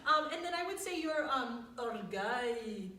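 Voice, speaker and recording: A woman's voice: on the high side, lively intonation, a little slow, bright, forceful tone, recorded from a distance. A woman voice teacher giving a master class, coaching diction in a chatty way with frequent laughter. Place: voice studio. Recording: echoey room, recorded from afar, faint noise.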